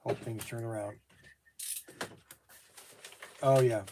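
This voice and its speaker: A man's voice: medium pitch, fairly even intonation, slow, creaky, background noise. Brief: middle-aged man, hobby shop owner on phone calls, keeps exclaiming in disbelief and repeating himself, mid-range voice, at work in his shop.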